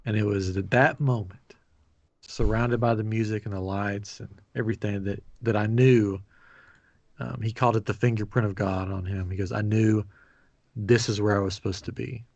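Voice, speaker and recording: Man telling an animated story. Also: on the low side, moderate pace, no echo, lo-fi sound. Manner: animated retelling with acted quotes. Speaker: podcast host. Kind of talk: casual storytelling chat.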